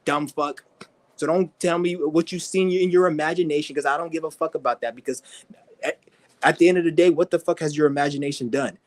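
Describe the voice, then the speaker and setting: Here the male vlogger keeps a steady tone and a brisk pace while he rants aggressively, cursing and ridiculing throughout. High, whiny impressions of other people punctuate the tirade.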